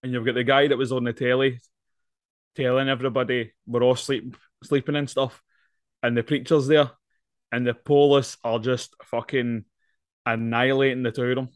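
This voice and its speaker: A man's voice: medium pitch, flat delivery, normal speed, dry recording, studio quality. A Scottish man co-hosting a casual film review chat, swearing and laughing as he talks. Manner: sweary, laughs often, chatty. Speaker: podcast co-host.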